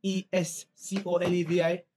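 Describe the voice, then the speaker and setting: Man, Jamaican accent, slightly high voice, laid-back, casual interview guest. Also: little pitch movement, normal speed, a little mellow, slight background noise. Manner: laid-back, peppers talk with "you know what I mean". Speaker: reggae musician guest.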